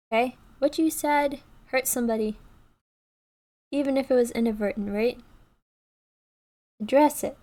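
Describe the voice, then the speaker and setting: A woman's voice: a little high, darkish tone. A woman YouTube creator giving casual, earnest advice to her viewers, often checking in with "okay" and "right" and restarting her sentences. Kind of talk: casual advice talk to camera.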